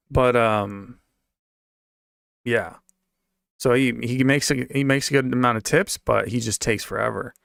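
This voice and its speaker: A man's voice: medium pitch, fairly even intonation, a little slow, gravelly, long pauses, a bit bright, clean tone, no room sound, clean studio sound. A young man streaming and venting about his old job in a rambling, profane, slang-heavy way while reading donations. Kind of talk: casual rant.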